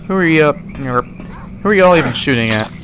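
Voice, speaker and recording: A man's voice: fairly high pitch, animated, moderate pace, noisy background. A young man casually commenting while he plays a video game, rambling and joking, talking back to the characters on screen. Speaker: let's play host.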